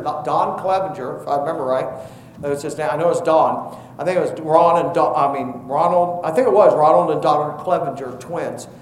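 A man's voice: a little high, reverberant, slight background noise, poor audio. A man preaching a sermon, telling a personal story in a folksy, conversational way and building to fervent appeals.

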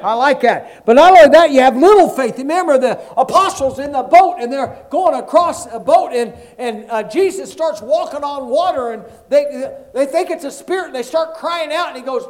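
In a very high male voice, a pastor preaches animatedly at a moderate pace with few pauses, dramatizing Bible stories and drawing amens from the congregation.

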